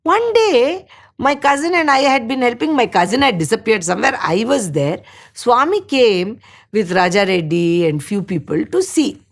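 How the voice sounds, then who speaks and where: An older woman from India, telling memories in a lively, conversational way and acting out the voices of the people in her stories. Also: a little high, moderate pace. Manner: animated storyteller acting out voices. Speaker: devotee sharing memories. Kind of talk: storytelling in conversation.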